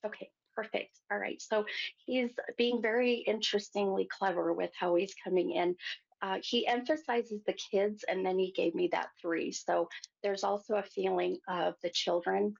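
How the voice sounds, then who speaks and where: A woman hosting a psychic show, giving a gentle reading to a caller and calling her hon. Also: mid-range voice, steady tone, normal speed, creaky, breathy edge. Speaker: psychic medium host. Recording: muffled lo-fi sound.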